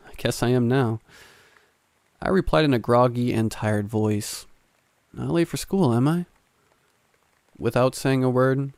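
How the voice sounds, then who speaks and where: A man narrating a scripted horror story in a calm, steady first-person way. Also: medium pitch, smooth, no echo.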